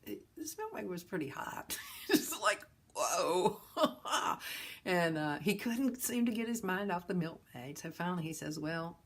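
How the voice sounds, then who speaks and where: A woman hosting a talk on suffering, telling a parable in a gentle, folksy way. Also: on the low side, animated, moderate pace. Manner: gentle, folksy storyteller with chuckles. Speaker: host and teacher of a philosophy of ease.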